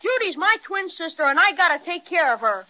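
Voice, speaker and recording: Plucky protective boy voiced by a woman, high bright voice, dull faint-hiss radio sound. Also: big pitch swings, a little fast, heavily acted. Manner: eager, folksy kid talk. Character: brave, protective young boy. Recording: dull old radio recording.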